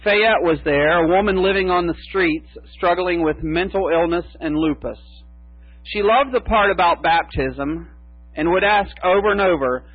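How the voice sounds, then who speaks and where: A man preaching a sermon as pastor, slow and emphatic with long pauses. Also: high voice, slightly rough, no echo. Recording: tinny phone-like sound with mains hum.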